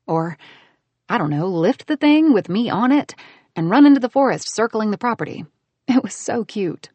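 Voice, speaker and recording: A woman narrating a first-person romance audiobook in a smooth, expressive way. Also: mid-range voice, moderate pace, no room sound.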